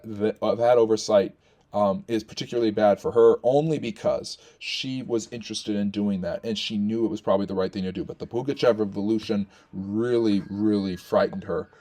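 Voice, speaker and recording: A man's voice: fairly low pitch, darkish tone. A man talking as a historian, explaining and ranking rulers off the cuff, with many fillers and restarts as he thinks aloud. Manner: thinking aloud with frequent fillers and self-corrections.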